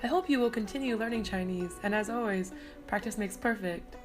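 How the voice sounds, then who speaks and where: A woman's voice: medium pitch, brisk, over music. A woman reading a scripted narration in a friendly, encouraging way.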